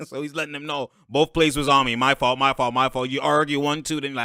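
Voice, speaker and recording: A man hosting a basketball film breakdown, talking in an animated, slangy way, laughing often and calling out to the players on screen. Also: on the high side, moderate pace, hardly any pauses, smooth, no room sound, clean studio sound. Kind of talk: excited play-by-play breakdown commentary.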